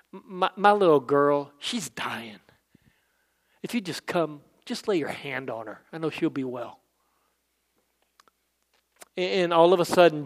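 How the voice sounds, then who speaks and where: A man's voice: a little high, fairly bright tone, smooth. A man preaching a casual, conversational sermon, acting out Bible scenes in quoted voices. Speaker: pastor.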